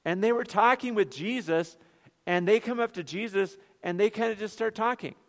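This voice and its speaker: A man's voice: sits high, moderate pace, big-room sound. A man with a Northern Minnesotan accent preaching a sermon as pastor, conversational, with rhetorical questions and joking asides. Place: church.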